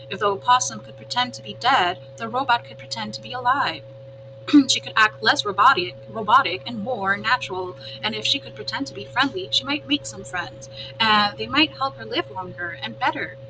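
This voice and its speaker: A woman reading a children's storybook aloud as a teacher, with clear, expressive storytelling. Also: a little high, normal speed. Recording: humming background noise.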